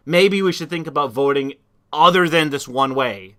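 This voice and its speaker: A man's voice: fairly high pitch, lively intonation, moderate pace, sharp tone. A man hosting a live stream, talking in a loose, rambling casual chat full of fillers and restarts. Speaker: stream host.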